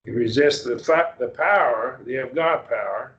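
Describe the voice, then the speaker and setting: A man's voice: mid-range voice, fairly bright tone. A man teaching a Bible class on a Greek text, explaining step by step and quizzing his students. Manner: explains slowly, quizzing students, many restarts. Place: church classroom. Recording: roomy, muffled class recording.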